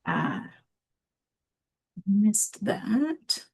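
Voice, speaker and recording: A woman presenting a library webinar in a relaxed, casual way, with many filler ums. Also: mid-range voice, very slow, vocal fry, breathy edge.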